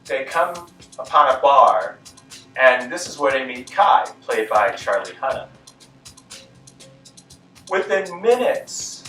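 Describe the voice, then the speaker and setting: A man's voice: a little high, fairly bright tone. A man narrating a movie review in a dry, critical, mildly exasperated way. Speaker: film reviewer. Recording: echoey room, mic at a distance, faint music.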